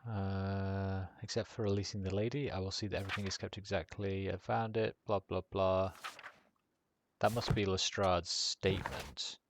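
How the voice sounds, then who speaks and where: A man's voice: low-pitched, flat delivery, noisy background. A man streaming a detective game, reading clues aloud and making casual, joking asides. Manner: slow, mumbling, joking asides. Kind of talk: casual gameplay commentary.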